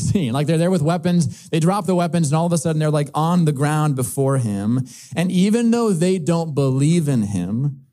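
Mellow-voiced man preaching conversationally. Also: on the high side. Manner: conversational, uses many filler likes. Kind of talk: sermon.

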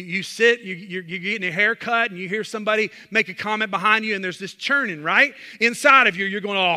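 A man's voice: high voice, pushed and bright. A male pastor preaching a sermon, emphatic and full of rhetorical questions, in a church sanctuary. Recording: long reverb of a large hall.

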